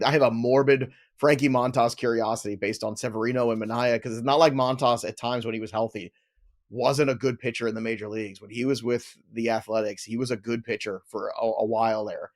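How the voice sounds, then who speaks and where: A man hosting a fantasy baseball chat, enthusiastic and opinionated as he argues for his picks. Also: mid-range voice. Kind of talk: casual analytical chat.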